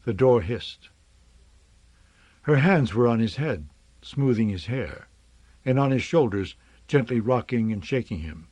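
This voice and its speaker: A man narrating an audiobook in a calm, measured storytelling voice. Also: mid-range voice, no room sound.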